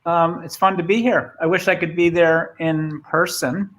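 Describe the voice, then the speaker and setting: A man's voice: a little high, steady tone, moderate pace, fairly bright tone. A man with a Boston accent giving a conversational remote talk, often repeating words as he starts a thought. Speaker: guest speaker.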